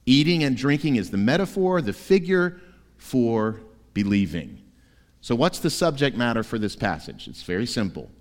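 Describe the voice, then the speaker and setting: Emphatic preacher in a reverberant church. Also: male voice, mid-range voice, sing-song, moderate pace. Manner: emphatic, rising to forceful peaks. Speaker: pastor. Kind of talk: sermon. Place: church sanctuary.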